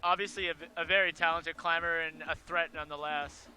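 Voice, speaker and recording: Bright-voiced man giving expert commentary. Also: fairly high pitch, level tone, brisk. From Canada. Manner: chatty, easygoing expert analysis. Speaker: route setter and co-commentator. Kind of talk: live sports commentary.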